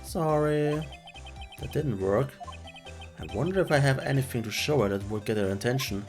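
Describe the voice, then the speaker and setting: A man's voice: medium pitch, moderate pace, a little mellow, soft background music. A man streaming a game, reading the lead's lines in a dry, wry voice. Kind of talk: reading game dialogue aloud.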